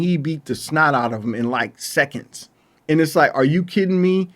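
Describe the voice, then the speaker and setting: A man giving a casual spoken film review, exasperated and ranting, with loose colloquial phrasing and frequent restarts. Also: on the high side. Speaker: movie reviewer.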